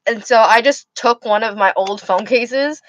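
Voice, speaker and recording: A tired young woman hosts a livestream, answering her chat in a casual, rambling way with many restarts. Her voice sits fairly high and sounds a bit bright, and she speaks unhurriedly. The recording is muffled.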